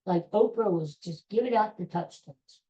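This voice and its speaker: A woman's voice: lowish voice, moderate pace, warm tone, dull audio. A middle-aged woman hosting her own podcast, chatting casually and rambling through stories with restarts and asides, giving blunt sports opinions. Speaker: podcast host. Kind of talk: casual solo podcast chat.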